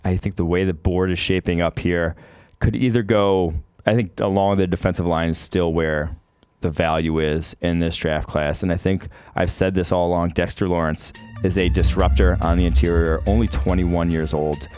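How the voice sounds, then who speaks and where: A man on a casual sports podcast, talking through draft picks in a measured, analytical way. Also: low-pitched, fairly even intonation, a little mellow, clear, resonant tone, no echo, clean studio sound, faint music behind.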